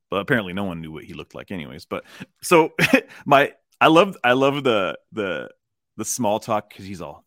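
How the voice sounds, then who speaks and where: A man co-hosting a casual film discussion podcast, rambling and animated, acting out lines from scenes. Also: lowish voice, moderate pace, dry recording, clean studio sound. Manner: rambling, animated, acts out character lines in funny voices. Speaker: podcast co-host.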